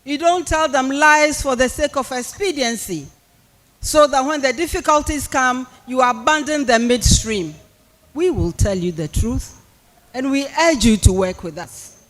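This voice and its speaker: A man's voice: very high-pitched, unhurried, fairly bright tone. A man with a Ghanaian accent giving a public speech and reading a prepared address at a university policy lecture, with emphatic, repeated phrasing. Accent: Ghanaian English. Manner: emphatic, repetitive oratorical phrasing.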